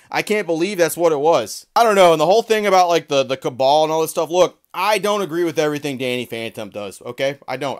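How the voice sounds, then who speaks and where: Heated, profane man ranting. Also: a little high. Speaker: trading card commentary creator. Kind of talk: ranting commentary vlog.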